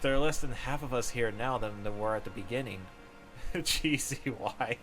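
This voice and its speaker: A man's voice: medium pitch, normal speed, a bit bright. A man live-streaming a game, chatting casually, reading out viewer messages, often laughing and exclaiming. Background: game music.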